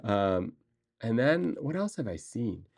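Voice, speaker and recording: A man livestreaming, chatting casually and excitably with viewers, rambling with restarts and answering chat. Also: medium pitch, slow, vocal fry.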